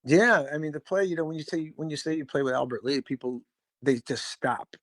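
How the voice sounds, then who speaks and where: A man's voice: on the high side, brisk, fairly bright tone, no room sound. Chicago man, musician guest, loose storyteller with plenty of profanity, dry close mic. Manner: rambling, swears freely, acts out quoted voices. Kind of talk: casual storytelling interview.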